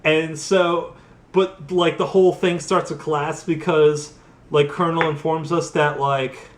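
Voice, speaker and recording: A man's voice: fairly high pitch, steady tone, a little slow, slight background noise. A tipsy man rambling through a profane, casual recap of a game's story, full of fillers. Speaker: host. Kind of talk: drunk casual game recap. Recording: echoey room.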